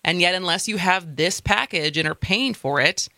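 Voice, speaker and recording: A woman's voice: on the low side, moderate pace, pushed and bright, no room sound. Chatty Midwestern woman on talk radio. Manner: chatty, rambling, laughs often. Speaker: radio talk show co-host. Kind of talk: casual talk radio chat. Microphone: studio microphone.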